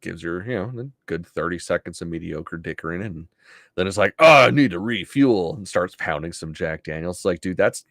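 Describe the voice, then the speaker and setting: Low, dry-voiced swearing podcast man. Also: brisk, no echo. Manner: laid-back, swears a lot, laughs often. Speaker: podcast co-host. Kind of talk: casual chat.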